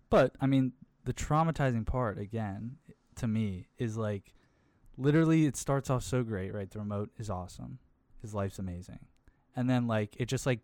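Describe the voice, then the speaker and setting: A man's voice: medium pitch, darkish tone, no echo. A young man talking casually and rambling, with many fillers and plenty of swearing. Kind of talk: casual chat.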